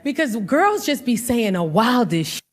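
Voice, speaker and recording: A woman comedian on a club stage, talking into a handheld mic. Her voice sits high and leaps about, and she keeps things loud and animated with laughter as she works the crowd. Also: a little slow. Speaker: stand-up comedian. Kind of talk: stand-up comedy.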